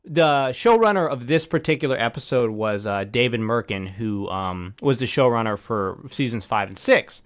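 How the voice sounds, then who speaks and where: A man's voice: mid-range voice, animated, normal speed, few pauses, clear, resonant tone. A man hosting a podcast, chatting casually and analytically about a cartoon episode. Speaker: podcast host.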